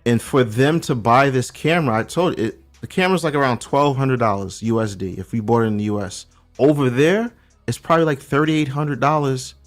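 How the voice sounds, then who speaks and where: Middle-aged Brooklyn man, casual podcast guest, slangy and lively storyteller, medium pitch. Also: fairly quick, faint music behind. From Brooklyn, New York. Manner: animated storyteller, street slang, restarts a lot. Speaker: guest checking in from abroad.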